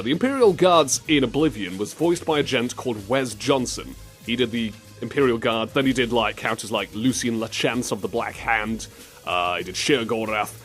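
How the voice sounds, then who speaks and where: A man hosting a comedic podcast, animated and prone to silly impressions. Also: mid-range voice. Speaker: podcast host.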